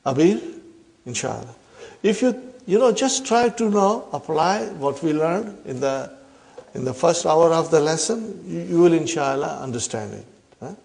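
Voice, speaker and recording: A man's voice: a little high, animated, unhurried, gravelly, darkish tone. A middle-aged man teaching Arabic grammar to a class, often ending points with a questioning "huh?" and addressing the students as brothers and sisters. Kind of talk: classroom lesson.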